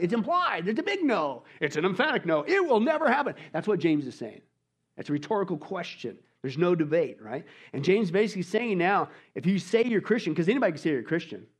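Male pastor mid-sermon, emphatic and colloquial, slightly high voice, peppers rhetorical questions. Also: husky. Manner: emphatic, rhetorical questions, swings loud and soft; colloquial preaching with mock voices. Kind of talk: expository sermon.

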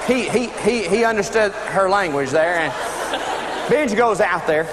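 A man's voice: sits high, measured pace. A man preaching a sermon, telling a humorous story in a folksy way with laughing asides, in an echoey room with audience noise.

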